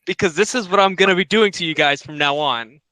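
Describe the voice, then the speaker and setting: Bright, clear-voiced flustered male gamer. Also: sits high, fast, no echo, low-quality recording. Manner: flustered, laughing, self-defensive. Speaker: player. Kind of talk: casual tabletop game chat over a call.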